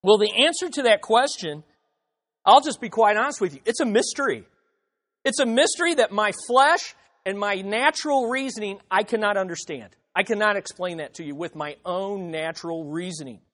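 A man's voice: sits high, expressive, moderate pace, fairly bright tone. A man preaching an expository sermon, emphatic, repeating phrases and acting out the objections he quotes. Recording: reverberant hall.

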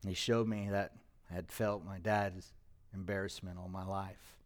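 A middle-aged male pastor telling a personal story in a sermon, emotional and halting at times. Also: sits low, level tone. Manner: emotional, personal testimony with pauses.

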